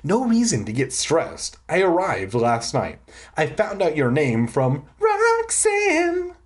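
A reader voicing a friendly, lonely invisible twelve-year-old boy who talks in a quick, easygoing way. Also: mid-range voice, huge pitch swings, pitched above the performer's own voice. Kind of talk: audiobook reading.

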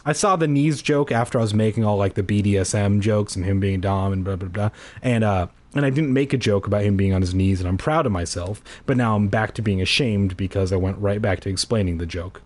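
A man's voice: fairly low pitch, brisk, a little mellow. A man reading a horror story aloud for comedy, breaking off with jokey, self-mocking asides.

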